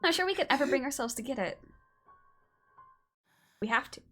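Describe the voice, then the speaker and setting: Lively high-voiced woman streaming a game. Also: normal speed. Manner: reads game dialogue aloud and reacts with exclamations. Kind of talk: casual live game commentary. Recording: voice over game music.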